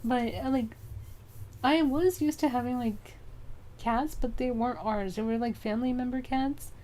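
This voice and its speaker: Chatty young woman with a light high voice. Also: moderate pace, warm tone. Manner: rambling, many fillers, frequent laughs. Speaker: streamer. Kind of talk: casual stream chat.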